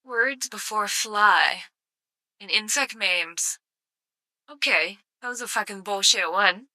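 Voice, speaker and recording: Bright, swearing woman streamer. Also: mid-range voice, slow, no room sound. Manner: sarcastic, swears freely, mock outrage. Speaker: live streamer. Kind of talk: casual live-stream commentary.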